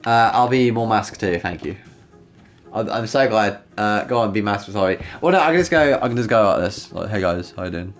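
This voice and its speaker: A man's voice: lowish voice, animated, moderate pace, soft background music. A man hosting a casual livestream, bantering and joking with chat, with frequent restarts. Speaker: livestream host.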